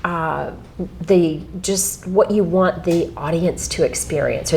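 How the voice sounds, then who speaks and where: A woman's voice: lowish voice, takes it slowly, gravelly, mellow, a little hiss or hum. A woman interviewing an author in a casual conversation, encouraging, with frequent short affirmations.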